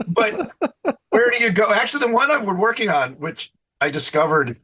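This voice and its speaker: A man's voice: sits high, very animated, moderate pace, bright, forceful tone, slightly rough. A man in his fifties, an interview guest, chatting casually with a rambling, self-deprecating manner and frequent laughs.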